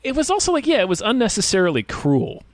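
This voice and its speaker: A man co-hosting a podcast, chatting casually about a film in a relaxed, agreeable way. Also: high voice, quick pace, no room sound. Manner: relaxed, agreeable, swearing now and then. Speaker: podcast co-host. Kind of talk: casual movie discussion.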